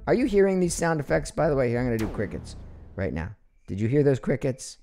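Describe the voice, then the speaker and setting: Animated man chatting on a live stream. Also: medium pitch, fast, faint music behind. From Ohio, USA. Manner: chatty and animated, laughs often, reads viewer comments aloud. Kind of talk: casual live stream chat. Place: home.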